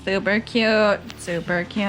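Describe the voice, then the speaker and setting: A woman's voice: medium pitch, fairly even intonation, slow, fairly bright tone, reverberant, soft background music. A woman co-hosting a podcast in a casual, playful chat, giggling and putting on a jokey announcer voice. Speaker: podcast co-host.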